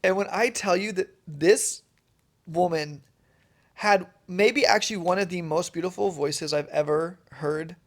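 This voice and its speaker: A man's voice: sits high, measured pace. A man co-hosting a podcast in casual chat, telling stories enthusiastically and rambling with lots of "like.". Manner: enthusiastic, rambling, heavy on "like" fillers. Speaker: podcast co-host.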